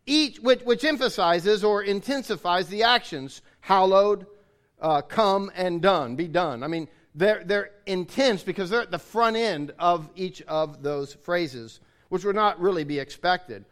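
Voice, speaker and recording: A man's voice: high voice, unhurried, fairly bright tone. A man preaching a sermon, explaining his points in an earnest way and restating them.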